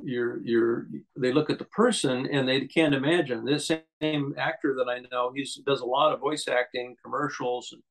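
A man's voice: mid-range voice, steady tone, moderate pace, hardly any pauses, poor audio. A man, a guest on an interview show, telling rambling anecdotes with many restarts and fillers. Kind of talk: casual storytelling interview.

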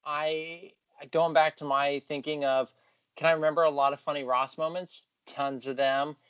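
A man's voice: on the high side, level tone, normal speed, fairly bright tone, smooth, no echo, dull audio. A man co-hosting a podcast, giving his opinions with enthusiasm in casual chat. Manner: enthusiastic, opinionated, drops into quoted voices. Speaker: podcast co-host.

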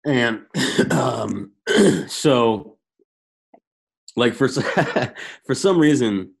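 Male podcast guest, lively storyteller, swings widely in pitch, laughs often, restarts his sentences. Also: extremely slow, gravelly, slightly rough. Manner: repeats words, stumbles and restarts. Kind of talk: casual chat.

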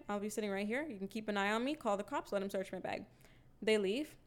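A young woman telling a story in casual chat, swearing freely and acting out the quotes with energy. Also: medium pitch. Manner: animated, profane storytelling with acted-out quotes.

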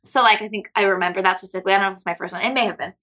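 A young woman from Seattle spins a story in a casual chat, rambling along on a steady stream of filler words. Her delivery is rapid-fire. Her tone is bright. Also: mid-range voice. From Seattle, United States. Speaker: guest.

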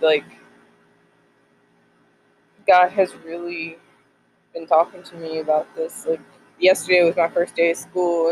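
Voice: mid-range voice, slightly rough, poor audio. Rambling twentysomething faith vlogger. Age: 20s. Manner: rambling, many "like" fillers. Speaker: college student sharing faith devotional. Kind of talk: casual faith vlog.

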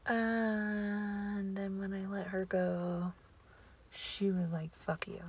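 A woman podcaster telling a rambling casual story, often slipping into breathy near-whispers. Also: mid-range voice, little pitch movement, extremely slow.

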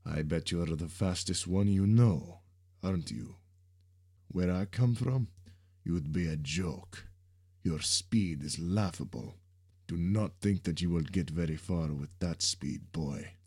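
A man voicing a powerful masked villain who gloats over a captured boy, with a deep, commanding voice and slow, deliberate delivery. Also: a little mellow, breathy edge, exaggerated voice. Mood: taunting. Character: menacing masked man, powerful slaver leader.

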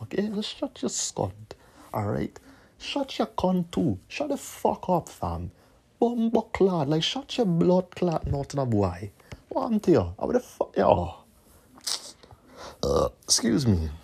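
A man's voice: a little high, mellow, slightly rough. A man, hosting a podcast and delivering a profane, repetitive, scolding rant. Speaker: podcast host.

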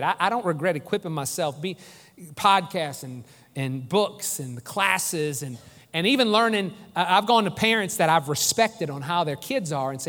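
Man in his forties, pastor, high voice, preaching earnestly, lingering church-hall reverb. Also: expressive, moderate pace, a bit bright. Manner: earnest, emphatic preaching with repeated phrases. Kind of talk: sermon. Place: church sanctuary.

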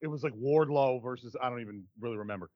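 A man's voice: mid-range voice, quick pace, dry recording, lo-fi sound. A man co-hosting a podcast, talking energetically in casual chat. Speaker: podcast co-host.

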